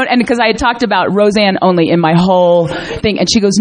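A woman's voice: mid-range voice, moderate pace, few pauses, very noisy. A middle-aged woman giving a candid, earnest personal testimony at a recovery meeting, rambling with many fillers and restarts. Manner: earnest and emotional, mild swearing.

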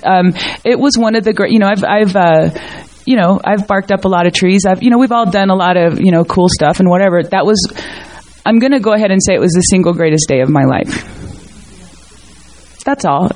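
A woman's voice: mid-range voice, a little mellow. A middle-aged woman giving a candid, earnest personal testimony at a recovery meeting, rambling with many fillers and restarts. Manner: earnest and emotional, mild swearing.

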